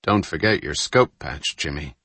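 A man's voice: extremely low pitch, lively intonation, unhurried, pushed and bright, no room sound, pitched below the performer's own voice, heavily acted. A man voicing an easygoing American first officer on a cargo ship who talks casually.

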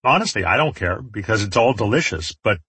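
A man's voice: fairly low pitch, lively intonation, a little fast, bright, forceful tone, slightly rough, dry recording. A man reading a first-person story aloud, with wry, sardonic asides. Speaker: audiobook narrator. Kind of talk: first-person audiobook narration.

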